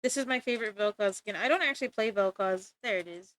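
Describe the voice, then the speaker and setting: A woman's voice: mid-range voice, fast talker, fairly bright tone. A woman streaming live while she draws, chatting casually and playfully, giggling and making exaggerated complaints.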